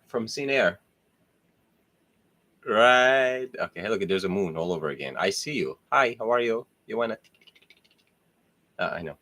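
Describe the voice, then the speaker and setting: Jokey low-voiced man hosting a ramble. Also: sharp tone. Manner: laughs often, swears freely, jokey. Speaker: host. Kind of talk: casual rambling monologue.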